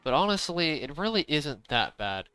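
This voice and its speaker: A young man talks through his gaming session in loose, meandering sentences, consciously keeping his voice raised. His tone is bright and crisp, and the desk mic catches him dry and close with no room around him. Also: a little high, very animated, dry recording, rough recording. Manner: rambling, repeats "to be honest"; deliberately speaking up loudly. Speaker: gaming streamer. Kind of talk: casual chat while playing. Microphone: desk microphone.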